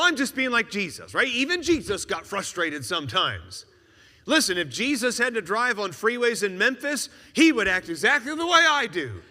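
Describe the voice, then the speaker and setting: Lively, bright-voiced preacher man. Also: sits high, in a large hall. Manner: animated, rhetorical questions, joking asides. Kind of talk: sermon.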